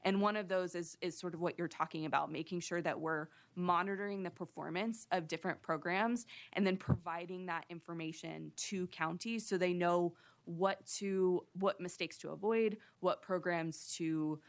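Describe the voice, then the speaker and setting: Low gravelly woman testifying at hearing. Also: steady tone. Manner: measured, explanatory. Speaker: sunset commission staff witness.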